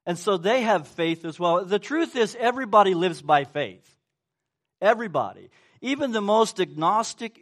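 Male pastor, sermon delivery, emphatic, questions to the room; high voice, swooping intonation. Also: fairly bright tone. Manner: emphatic, call-and-response with congregation.

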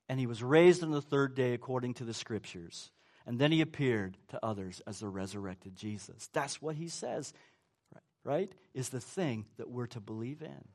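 Animated high-voiced male preacher. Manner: emphatic, call-and-response with congregation. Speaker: pastor. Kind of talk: sermon.

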